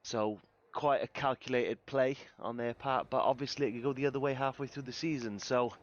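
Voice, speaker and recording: A man co-commentating a sim racing league, giving calm, measured analysis. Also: medium pitch, dull audio. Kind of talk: casual race analysis.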